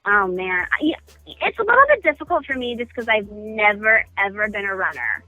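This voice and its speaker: A woman's voice: mid-range voice, big pitch swings, a little fast, pushed and bright, faint music behind, low-quality recording. A woman guest chatting casually in a phone-in radio interview, self-deprecating and full of ums. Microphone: phone call.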